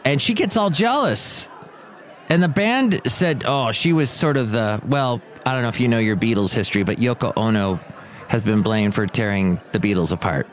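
Podcast host, man, 50s, casual digressive storyteller, average pitch. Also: normal speed. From Southern California. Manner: rambling, digressive storytelling with asides. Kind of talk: casual monologue.

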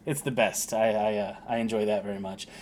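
A man's voice: lowish voice, fairly even intonation, a little fast, darkish tone. A man in his thirties, co-hosting a podcast in casual chat, joking and rambling with self-deprecating humor. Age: 30s. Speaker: podcast co-host.

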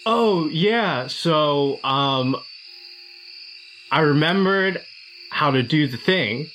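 A man's voice: a little high, lively intonation, extremely slow, fairly bright tone, slight background noise, poor audio. A man playing a tabletop game, reading rules and chuckling sheepishly. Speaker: player. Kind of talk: casual play at a tabletop game.

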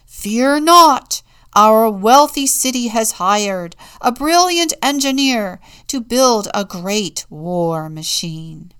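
A woman reading a storybook aloud, voicing boastful town leaders who proclaim their plans loudly. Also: a little high, animated, slow, smooth, no echo, studio quality, pitched above the performer's own voice. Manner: loud, proclaiming. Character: boastful loud town leaders, self-assured officials.

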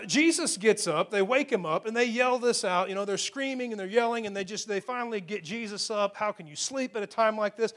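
A man's voice: sits high, fairly bright tone. A man preaching a sermon, telling a Bible story with rising and falling emphasis. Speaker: pastor.

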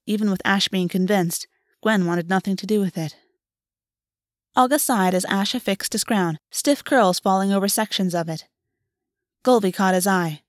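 A woman reads a fantasy story aloud in a steady, even manner. Her voice sits at a middle pitch. The recording is close and dry. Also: dry recording. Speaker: audiobook narrator. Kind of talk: fiction read-aloud.

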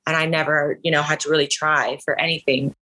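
A woman's voice: low voice, flat delivery, brisk, pushed and bright, rough recording. A woman from Northern California telling a personal story as a podcast guest, chatty and full of "like" fillers. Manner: chatty, frequent "like" fillers, laughs easily. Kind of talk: casual storytelling.

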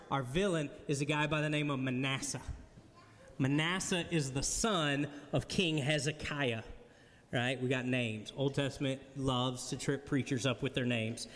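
A man preaching in a casual, joking way and chatting with his congregation as he talks. His voice sits a little high for a man and carries a long reverb from a big hall. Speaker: pastor. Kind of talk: sermon. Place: church hall before a congregation.

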